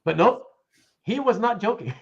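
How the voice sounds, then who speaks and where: A man's voice: high voice, moderate pace. A man hosting a show, telling an anecdote in casual chat and acting out both sides of the conversation. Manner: animated storyteller, acts out both sides of a conversation. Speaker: show host. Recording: dull lo-fi sound.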